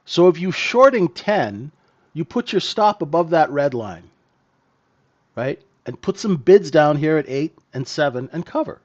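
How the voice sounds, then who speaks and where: A man's voice: on the high side, lively intonation, measured pace. Blunt trading mentor, man, lo-fi audio. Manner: blunt, emphatic, keeps asking "right?". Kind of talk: live trading-room commentary. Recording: dull lo-fi stream audio.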